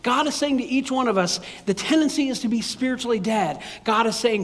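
A man's voice: very high voice, animated, brisk, hardly any pauses. A man preaching a sermon as pastor, talking in a loose, conversational way with repeated words and chuckles at his own jokes. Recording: long hall reverb.

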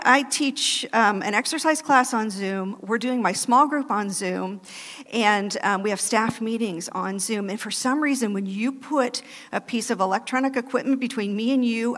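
A woman delivers a sermon in a loud, animated way, breaking into laughing asides. Her voice sits fairly high. It rings through a church with a long hall reverb. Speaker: guest preacher. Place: church sanctuary.

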